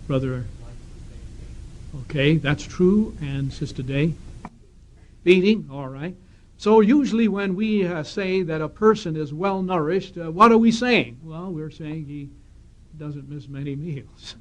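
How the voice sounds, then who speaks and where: A man giving a sermon in a congregation hall, reading scripture aloud and putting questions to the audience. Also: a little high. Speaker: congregation speaker. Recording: dull lo-fi 1970s tape.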